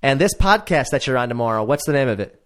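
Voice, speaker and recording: A man's voice: medium pitch, animated, fast, fairly bright tone. A man hosting a podcast, talking in a laid-back, earnest way and often repeating words. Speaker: podcast host. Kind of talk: casual chat.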